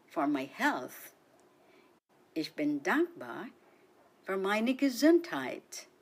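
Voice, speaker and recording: A woman hosting a radio language lesson, speaking cheerfully in a sing-song teaching manner and slowly repeating each word for listeners. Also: medium pitch. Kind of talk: slow, clearly enunciated language lesson.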